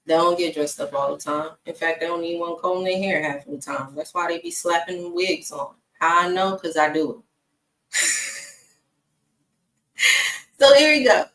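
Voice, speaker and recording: A woman's voice: fairly low pitch, moderate pace, pauses often, a bit bright. A woman who works as a single mom coach, telling stories in a casual chatty vlog and laughing often. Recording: echoey room.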